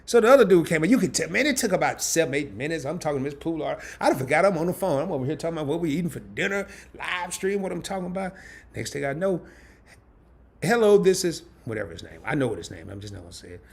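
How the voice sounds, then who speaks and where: Animated husky-voiced man telling a story. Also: fairly high pitch, rapid-fire. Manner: animated, laughing, talks colloquially. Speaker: host of a travel and credit card channel. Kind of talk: casual live-stream storytelling. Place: home.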